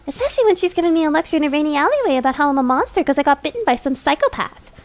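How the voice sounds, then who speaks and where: A broke young vampire girl in a constant frantic whine, her voice leaping high and all over the place, acted by a woman streamer. She wails and pleads with a bright, excitable energy. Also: very fast. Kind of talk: voice acting a game's dialogue on stream.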